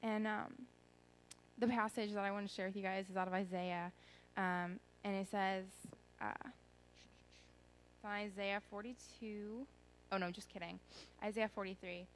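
A woman's voice: mid-range voice, steady tone, measured pace, pauses often, a little hiss or hum, low-quality recording. A young woman giving an earnest, rambling personal testimony at a church gathering, full of ums and restarts. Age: young adult.

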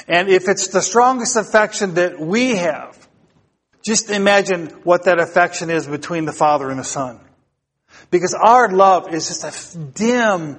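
A man's voice: sits high, a bit bright. A male pastor preaching a sermon to his congregation, building emphasis through repeated phrases and putting questions to the listeners. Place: church sanctuary. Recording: long hall reverb.

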